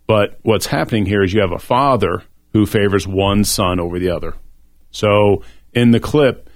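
A man's voice: on the low side, moderate pace, dry recording. A middle-aged man talking earnestly and reflectively on a faith-based discussion show.

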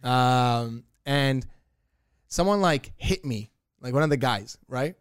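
A man's voice: medium pitch, lively intonation, slow, smooth, no room sound, studio quality. Laid-back man telling stories. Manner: laid-back, slangy, laughs through his stories. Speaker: podcast co-host. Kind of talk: casual podcast banter.

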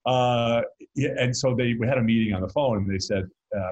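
A man's voice: mid-range voice, huge pitch swings, moderate pace, slightly rough, low-quality recording. A middle-aged man from North Carolina, a guest in an interview, telling stories in a rambling, joking way with frequent restarts. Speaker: guest musician and author. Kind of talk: casual interview storytelling.

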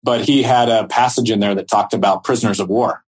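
A male podcast host with a low, husky voice chats casually with his guest. He talks quickly and conversationally. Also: steady tone. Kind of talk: casual interview chat.

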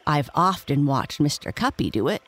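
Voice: mid-range voice, very animated, normal speed, fairly bright tone. Reader doing a cocky little beaver boy, eager to show off, bedtime story. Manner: boastful.

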